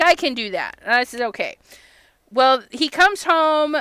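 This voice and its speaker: A woman's voice: a little high, clear, resonant tone, no room sound. A woman hosting a casual crafting livestream, telling stories with lots of laughs, acting out little quotes and greeting viewers. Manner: chatty storyteller who laughs often and acts out little quotes; gives shout-outs to viewers while crafting. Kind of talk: casual live-stream chat.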